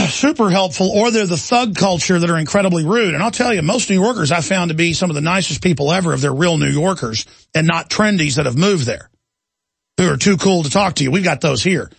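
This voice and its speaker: Male talk radio host, somewhat high, gravelly voice, ranting and indignant. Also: brisk, no room sound.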